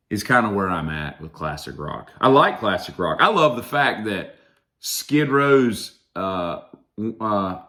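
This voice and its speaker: A man's voice: fairly low pitch, bright, forceful tone. A man in a casual, sarcastic rant about music, mocking and drawling through his asides. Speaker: vlogger ranting about music.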